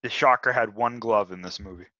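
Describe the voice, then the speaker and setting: Stammering man with a bright voice. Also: fairly low pitch, a little fast, no room sound. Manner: hesitant, stammers and repeats words. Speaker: co-host. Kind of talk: casual movie chat. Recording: dry, dull lo-fi recording.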